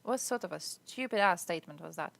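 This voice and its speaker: A woman's voice: lowish voice, expressive, fairly quick, vocal fry, a bit bright. A woman streaming live, ranting bluntly and swearing as she reacts to chat comments.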